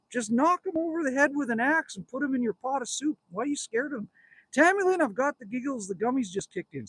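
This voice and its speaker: In a very high, husky, slightly bright voice on a dry recording, a Canadian man in his fifties hosts a relaxed livestream outdoors at his cabin. He reads out comments, jokes with his viewers and rambles while addressing them directly.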